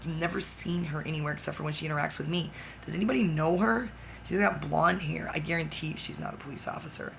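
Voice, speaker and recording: A woman rants to her viewers in a rambling, agitated way, swearing and leaping between topics. Her voice is gravelly with plenty of fry, and it has a sharp, tense edge. Faint ambient noise sits under her. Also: deep voice. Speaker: vlogger. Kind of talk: rambling personal rant to the camera.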